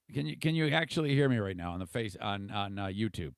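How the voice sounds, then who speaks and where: A man's voice: on the low side, moderate pace, creaky, dry recording. A podcast host talking through a casual livestream monologue, rambling and irritable, swearing freely and restarting his sentences.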